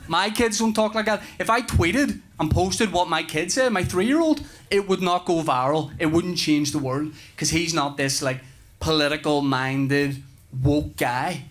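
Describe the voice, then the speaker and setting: A man in his thirties with a Northern Irish accent, doing a rambling, animated stand-up routine with swearing. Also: fairly high pitch, a little slow. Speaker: stand-up comedian. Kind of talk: stand-up comedy. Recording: live show with audience noise. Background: audience laughter.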